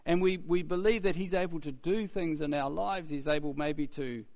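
A man's voice: fairly high pitch, moderate pace, a little mellow, dull audio. Man preaching a conversational sermon. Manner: conversational, asks "isn't it?" often, repeats words.

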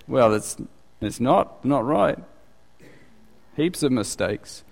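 A man preaching a sermon as pastor in a conversational, animated way, his voice climbing when he acts out questions. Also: slow pace, gravelly. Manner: conversational, animated, rising in pitch for quoted questions. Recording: long reverb of a large hall.

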